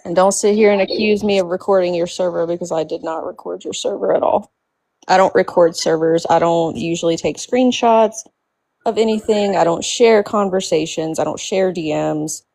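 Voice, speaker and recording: Brief: lower-pitched woman, dry-sounding, firm and defensive. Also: normal speed, vocal fry, darkish tone, no echo, rough recording. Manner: defensive, blunt, swearing. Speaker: live audio chat room speaker. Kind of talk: heated live group chat.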